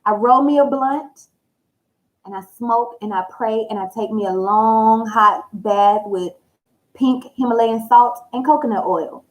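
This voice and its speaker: A woman tarot reader speaking in a frank, animated, colloquial way, confiding in her viewers directly. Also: a little high, a little slow, rough recording. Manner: confiding, addresses listeners directly. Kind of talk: casual personal talk to viewers.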